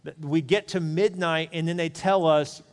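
A man's voice: on the high side, steady tone, normal speed, long reverb tail. A man preaching a sermon, telling a candid personal story in a chatty, conversational way, with asides to the congregation. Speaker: pastor. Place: church.

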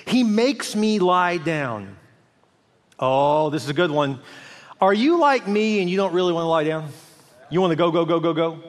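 A middle-aged man preaches in a high, bright-pitched voice, chatty and animated, slipping into playful asides. His words ring out with the long reverb of a large church hall. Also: brisk. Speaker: pastor. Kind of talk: sermon.

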